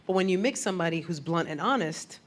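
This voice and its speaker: A woman comedian doing a stand-up set, brash and animated, landing blunt punchlines. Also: fairly low pitch, fast. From Puerto Rican heritage. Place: comedy stage before a crowd. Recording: live club with loud audience laughter and noise.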